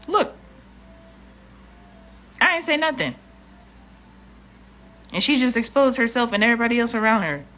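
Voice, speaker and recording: A woman's voice: a little high, sing-song, normal speed, long pauses, fairly bright tone. Blunt, exasperated woman vlogger. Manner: blunt and profane, exasperated, repeats herself. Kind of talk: casual livestream rant.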